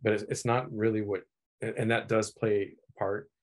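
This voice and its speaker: A middle-aged man, an animation filmmaker, talking in a relaxed, reflective way with lots of fillers. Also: lowish voice, normal speed. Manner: relaxed, reflective, many "you know" fillers. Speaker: animation filmmaker, guest of honor. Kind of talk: casual podcast chat.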